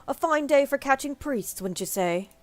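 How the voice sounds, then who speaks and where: Woman putting on a suave roguish gentleman. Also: sits high, lively intonation, normal speed, no room sound, pitched above the performer's own voice. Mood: teasing. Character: suave smooth-talking male rogue.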